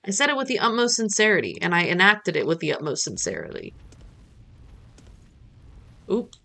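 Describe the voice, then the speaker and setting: A slightly low-pitched woman in her thirties from the United States chats through a game stream. She rambles in a playful, self-mocking way. Her talk wanders from the game to everyday life. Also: wildly swooping pitch, normal speed, gravelly, bright, forceful tone. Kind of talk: casual gameplay chat.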